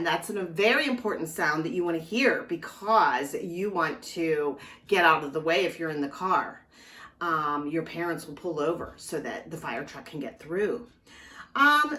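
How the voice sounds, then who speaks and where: Slow, gentle woman teaching little kids. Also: fairly low pitch, far from the mic. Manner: slow, gentle, speaking directly to small children. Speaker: children's librarian. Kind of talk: storytime lesson for young children. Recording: echoey room, voice a bit off-mic. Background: clock ticking.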